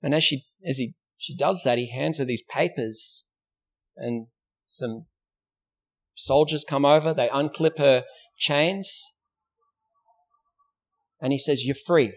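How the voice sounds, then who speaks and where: A man's voice: medium pitch, slow, pauses often, slightly rough. A male pastor with an Australian accent, preaching a sermon in a church, telling a story and posing rhetorical questions. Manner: storytelling preacher, acts out quoted voices.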